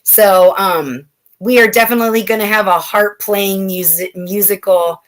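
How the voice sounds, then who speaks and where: A woman telling personal stories in a relaxed chat, with many fillers and restarts. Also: mid-range voice, moderate pace. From California, USA. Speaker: guest. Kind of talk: casual storytelling chat.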